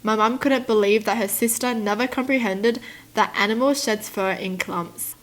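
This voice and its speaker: Lively young woman reacting. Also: on the high side, a little slow. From Australia. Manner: animated, laughs often, slips into mock voices. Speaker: YouTuber reading and reacting to stories. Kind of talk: casual reaction chat and reading aloud.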